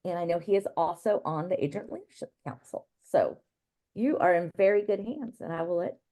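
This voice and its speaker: A woman's voice: fairly low pitch, fairly quick. A woman hosting an online session and introducing the next speaker, upbeat. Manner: upbeat and lively.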